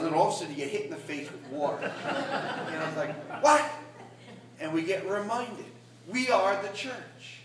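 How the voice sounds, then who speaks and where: Recorded at a distance in a big, echoey church, a Catskill Mountains, New York priest delivers a sermon that moves from conversational storytelling to emphatic high points. His voice is a little high and a bit bright, with slight hiss or hum in the audio.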